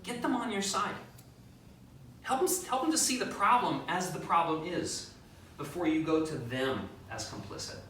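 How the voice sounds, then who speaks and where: A man preaching a conversational sermon as pastor, animated, acting out quotes and making joking asides. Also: on the high side, moderate pace, a little hiss or hum. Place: church sanctuary. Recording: very echoey, distant mic.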